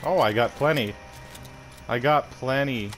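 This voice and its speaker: A man's voice: medium pitch, a little slow, a bit bright, soft background music. A young Canadian man trash-talking another player during an online game, mocking and swearing. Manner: taunting, profane, mocking. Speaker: gamer streamer.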